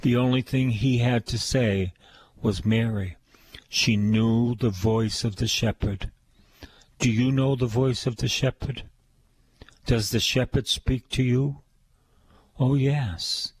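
Older male preacher, unhurried, emphatic, repetitive delivery; middle pitch, dry recording. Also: steady tone, a little mellow, slightly rough, dry recording. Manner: slow, emphatic preaching with repeated phrases. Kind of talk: sermon.

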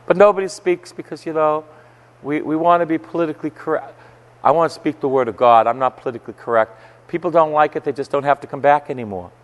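A male Catholic priest preaching a sermon, telling stories emphatically and rising to forceful outbursts. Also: fairly high pitch, quick pace. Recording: long church hall reverb.

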